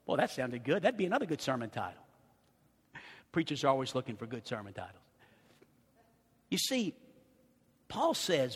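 A middle-aged man preaching a sermon as pastor, swinging from soft confiding asides to loud shouted peaks. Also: on the high side, very animated, moderate pace, pauses often, slightly rough. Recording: reverberant hall.

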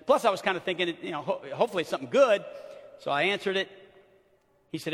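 A middle-aged man preaching a sermon as pastor, swinging from hushed murmurs to shouted emphasis and acting out the people in his stories. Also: high voice, quick pace, long pauses. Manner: animated storyteller acting out quoted speech. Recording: long reverb of a large church hall.

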